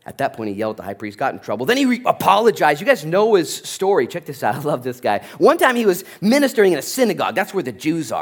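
Animated male pastor preaching. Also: fairly high pitch, fast, hardly any pauses. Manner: animated storytelling, acting out voices. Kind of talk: sermon.

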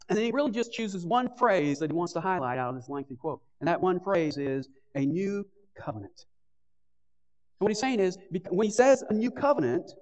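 A man preaching with earnest conviction, his fairly high voice punching out key words before sinking into soft, hushed appeals. The sermon comes through a dull, lo-fi recording that takes the edge off the top end. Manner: earnest preaching, swinging between stressed bursts and hushed pleading. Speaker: pastor.

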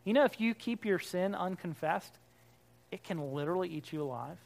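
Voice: mid-range voice, lively intonation, moderate pace, gravelly. A pastor giving a conversational sermon, asking the listeners rhetorical questions and acting out the remarks that people make. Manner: acts out quoted remarks in character.

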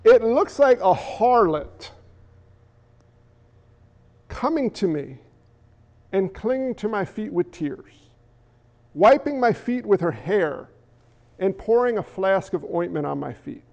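A male pastor preaching an animated sermon, acting out the voices he quotes. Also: high voice, takes it slowly, gravelly, long pauses. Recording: echoey hall, dull lo-fi sound.

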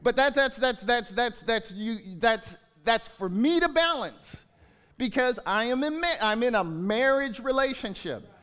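A man's voice: very high voice, lively intonation, measured pace, fairly bright tone, clean tone. A man in his sixties, a pastor, preaching a conversational sermon full of restarts and repeated words. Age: 60s.

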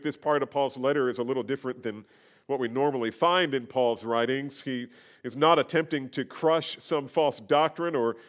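A middle-aged man preaching a sermon as a pastor, explaining a letter verse by verse, rising for emphasis and dropping quiet. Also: mid-range voice. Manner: expository preaching, rises in emphasis then drops quiet.

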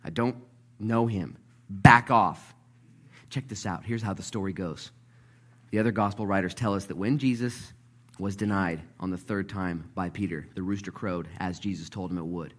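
A man preaching a sermon, telling the story with energy, dropping to a hush and then rising loud, and acting out the people in it. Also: deep voice, brisk. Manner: lively storytelling, acts out voices, swings between hushed and loud. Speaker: pastor.

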